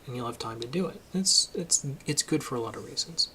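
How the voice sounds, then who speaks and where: A man's voice: medium pitch, quick pace, few pauses, a bit bright, a little hiss or hum. A man giving a casual, emphatic opinion monologue for his video channel, getting worked up as he argues his point. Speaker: political commentary vlogger.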